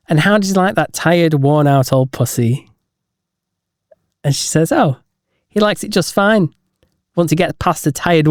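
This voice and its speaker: A man co-hosting a casual podcast, telling jokes deliberately and chuckling at his own punchlines. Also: a little high, no echo, studio quality. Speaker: podcast co-host.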